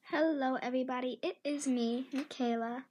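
A woman's voice: high-pitched, steady tone, moderate pace, darkish tone, slight background noise, rough recording. A woman hosting a casual podcast, rambling along with many fillers and restarts. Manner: partly whispered, ASMR-style. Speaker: podcast host.

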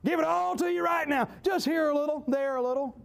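A Southern US preacher with an unusually high voice for a man. He delivers his sermon in a folksy, emphatic way, hammering key phrases again and again and rising into shouts. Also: fairly quick, creaky.

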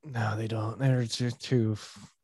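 Opinionated low-voiced podcast co-host. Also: male voice, takes it slowly, slightly rough, dry recording. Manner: animated, opinionated, explaining. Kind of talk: casual conversational chat.

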